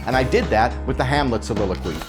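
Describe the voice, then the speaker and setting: A middle-aged American man telling stories in an interview with crisp, rapid-fire articulation. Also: medium pitch, animated, music in the background. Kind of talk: animated interview storytelling.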